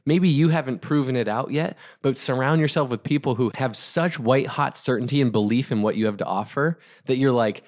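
A man giving an energetic motivational talk on sales, emphatic and repetitive, driving his points home. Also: medium pitch, brisk, few pauses. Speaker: podcast host, entrepreneur.

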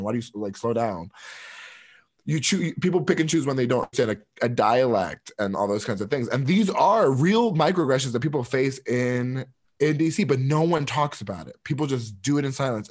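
A man co-hosting a podcast, chatting casually about his goals. He talks in an animated, restless way, restarting his sentences often. His voice sits in an ordinary middle pitch. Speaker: podcast co-host.

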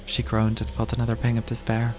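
Flat-voiced male horror narrator. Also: fairly low pitch, a little fast. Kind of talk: scripted audio drama narration. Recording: music playing under the voice.

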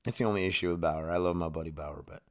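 A man's voice: low voice, fast talker, clear, resonant tone. A man hosting a solo podcast from home, rambling and easily sidetracked, frustrated with himself and swearing casually. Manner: frustrated, self-deprecating. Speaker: podcast host. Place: home studio room.

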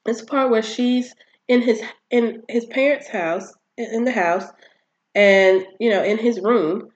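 A person casually recapping a TV series on their own channel, animated and exasperated, with emphatic asides and quick impressions of the characters. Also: medium pitch, lo-fi sound. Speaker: TV show recapper.

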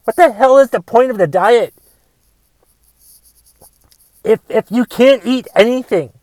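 A man's voice: extremely high pitch, quick pace, warm tone, no echo, voice pushed up. A man doing an exasperated, swearing diet ranter. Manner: profane, incredulous rant. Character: exasperated adult man ranting about diets. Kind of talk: comic rant in character.

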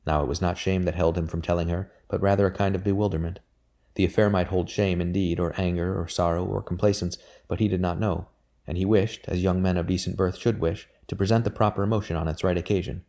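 Male audiobook reader, deep and mellow, measured delivery. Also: fairly even intonation. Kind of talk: audiobook narration of a historical novel.

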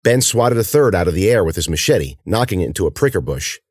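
A man with a very low voice reads a horror story aloud, letting his pitch rise and fall with vivid expression. The narration is measured and dramatic. The recording is close and dry, with no room sound. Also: animated, slightly rough, no echo. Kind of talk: audiobook reading of a horror story.

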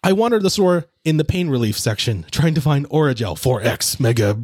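A man's voice: mid-range voice, animated, fairly quick, darkish tone, dry recording, studio quality. A man hosting a casual podcast, rambling and joking as he tells stories, laughing often. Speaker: podcast host. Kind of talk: casual chat.

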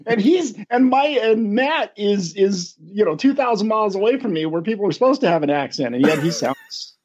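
A man's voice: high voice, lively intonation, moderate pace, a little mellow, husky, lo-fi sound. A man co-hosting a podcast in casual chat, laughing often and telling stories with animation. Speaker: podcast co-host.

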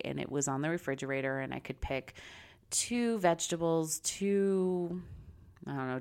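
A middle-aged woman with a notably low voice shares a personal story. She talks in a candid, bubbly way and confides in her listeners. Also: clear, resonant tone. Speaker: vlogger.

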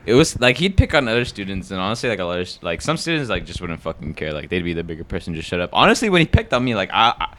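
A man's voice: deep voice, very animated, very fast, hardly any pauses, a bit bright. A young man telling a story in casual, slangy chat, swearing and filling with "like". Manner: slangy, swearing, lots of fillers. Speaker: podcast co-host telling a story.

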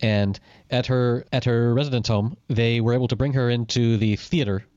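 A man's voice: mid-range voice, fairly even intonation, darkish tone, clear, resonant tone, no room sound. A man chats on a call with a friend, throwing in dry quips and puns. The sound is dead and dry, with a muffled, lo-fi edge. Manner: wisecracking, quick interjections. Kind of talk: casual chat on a call.

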